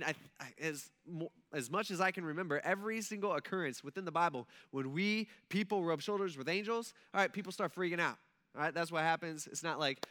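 Male pastor, casual sermon delivery, high voice, bright timbre, acts out scenes.

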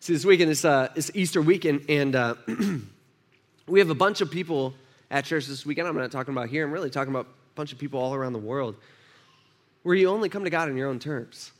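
A man's voice: fairly high pitch, brisk. A man preaching a conversational sermon, acting out the voices he quotes. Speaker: pastor.

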